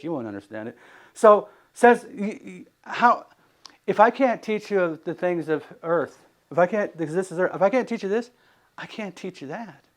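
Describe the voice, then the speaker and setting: A man giving a casual sermon, asking his listeners questions and acting out the people in the story. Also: sits high. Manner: animated, asks rhetorical questions, acts out quotes. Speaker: preacher.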